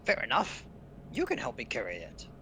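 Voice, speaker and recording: A man voicing a wary, grumbling male goblin lookout who complains gruffly. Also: mid-range voice, huge pitch swings, a little fast, sharp tone, slight background noise. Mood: suspicious.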